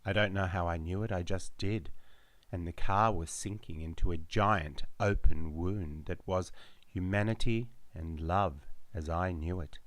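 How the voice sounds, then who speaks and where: A man reading his own story aloud in a slow, measured, darkly dramatic way. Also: sits low, no echo. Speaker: author reading his memoir. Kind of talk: audiobook narration.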